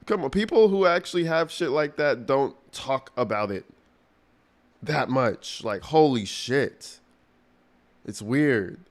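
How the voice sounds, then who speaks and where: A man streaming and reacting to a clip, talking in a crude, mocking, rambling way with lots of slang. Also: mid-range voice. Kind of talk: casual livestream commentary.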